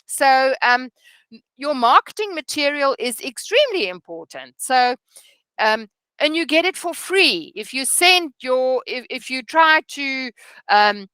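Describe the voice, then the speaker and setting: A woman's voice: high voice, very animated, unhurried, sharp tone, clear, resonant tone, no room sound. A middle-aged woman teaching real estate agents, earnest, often asking "okay?" and restarting her sentences. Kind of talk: training session lecture.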